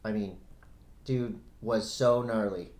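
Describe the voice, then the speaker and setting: Speaking slowly in a lowish, darkish voice with a steady tone, a middle-aged man co-hosts an easygoing podcast. He rambles freely and laughs often. The room gives the recording a noticeable echo.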